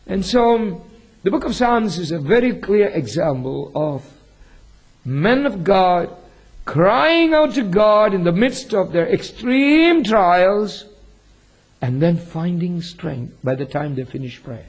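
Male pastor, husky and somewhat high, slow deliberate preaching. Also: expressive, rough recording. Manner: reads scripture aloud, asks the congregation questions. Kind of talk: sermon.

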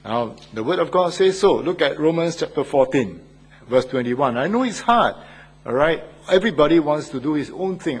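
A man's voice: on the high side, expressive, moderate pace, slightly rough. An older man, a church elder, preaching an earnest sermon and asking his listeners questions. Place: Australia.

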